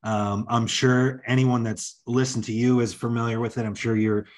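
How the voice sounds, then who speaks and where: An upbeat man hosts a casual podcast and keeps the tone friendly. His questions run long and wander, with many restarts. His voice sits at an average pitch. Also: little pitch movement, moderate pace. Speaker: podcast host.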